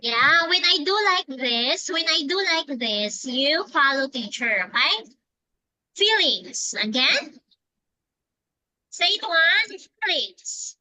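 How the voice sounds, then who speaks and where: A woman teaching English to a child over a video call, speaking slowly with repeated, encouraging prompts. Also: sits high, lively intonation, bright, forceful tone, no room sound, rough recording. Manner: slow, repetitive, encouraging prompts. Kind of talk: online English lesson for a child.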